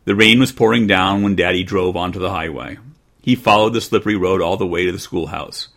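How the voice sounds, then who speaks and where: A man hosting a podcast, reading a children's storybook aloud in an expressive way with dry humor. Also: sits low, a little fast, gravelly. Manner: expressive, dryly joking. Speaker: podcast host.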